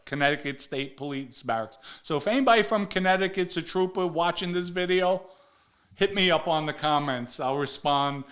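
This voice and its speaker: Chatty, profane male host telling a story, bright and a bit high-pitched. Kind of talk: casual storytelling.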